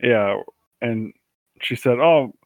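A man's voice: medium pitch, moderate pace, dry recording. A man joining a casual political chat, cracking jokes and laughing at his own remarks. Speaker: podcast co-host. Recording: dry tinny phone-like line.

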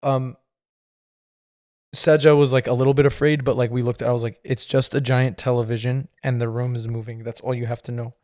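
A man in his thirties rambles through a story on his podcast, filling it with fillers and laughing along. His medium-pitched, darkish voice shows little pitch movement and runs a little fast, recorded at studio quality with no room sound.

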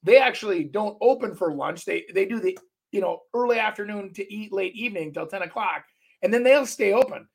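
A man's voice: high-pitched, expressive, a little fast, vocal fry. A middle-aged man co-hosting a casual podcast, telling long rambling stories full of restarts. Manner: rambling storyteller, many restarts. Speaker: podcast co-host. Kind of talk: casual chat.

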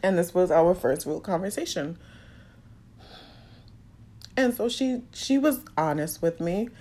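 A woman's voice: on the low side, animated, unhurried, dark tone. A woman openly telling a personal story, emotional and fighting back tears. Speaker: podcast host sharing a personal story.

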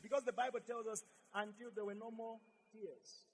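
A man preaching a sermon as pastor, emphatic and repetitive, swinging from shouts to quiet asides. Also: sits high, little pitch movement, moderate pace, hardly any pauses, breathy edge, big-room sound.

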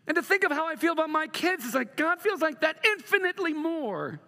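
A middle-aged man preaching a sermon as a pastor, moving from loud emphatic bursts to soft, slow passages. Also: very high voice, sing-song, long reverb tail.

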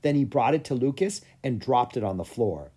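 A man reads a children's chapter book aloud in a lively storytelling manner. His voice is husky and swings widely in pitch, while its overall pitch sits in the middle. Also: moderate pace. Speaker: audiobook reader. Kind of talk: scripted narration of a children's book.

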